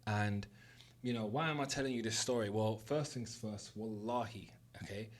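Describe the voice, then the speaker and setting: A man's voice: medium pitch, normal speed. A young man with a London accent, telling a personal story as a motivational monologue, candid and earnest, with plenty of swearing. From South West London. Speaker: host.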